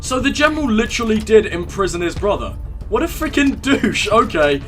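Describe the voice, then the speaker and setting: A man's voice: sits high, big pitch swings, brisk, a bit bright, soft background music. A young man casually commenting on his gameplay, joking irreverently and talking to the characters on screen. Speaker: let's play gamer.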